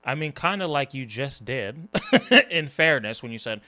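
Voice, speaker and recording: A man's voice: medium pitch, expressive, moderate pace, pushed and bright. A man hosting a reaction video, talking in a casual, mocking and exasperated way, swearing often. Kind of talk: casual commentary.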